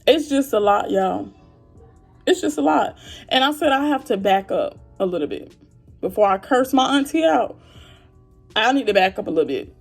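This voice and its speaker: Frustrated high-voiced woman venting. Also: expressive, moderate pace, gravelly, long pauses, soft background music. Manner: frustrated, heartfelt, talks straight to viewers. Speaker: vlogger. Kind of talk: emotional venting to camera.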